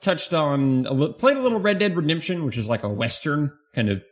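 A man hosting a podcast in casual chat, relaxed, with dry humor. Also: a little high, brisk. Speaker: podcast host.

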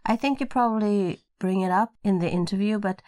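A woman's voice: medium pitch, brisk, darkish tone, no echo. A woman with a Swedish accent, Swedish her first language, co-hosting a casual podcast in English with playful, teasing banter into a podcast microphone. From Sweden. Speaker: podcast co-host.

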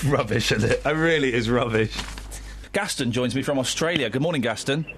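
A man's voice: medium pitch, a bit bright, a little hiss or hum. A man hosting a radio phone-in, bantering playfully and teasing his callers. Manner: playful, teasing, quick asides. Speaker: radio host.

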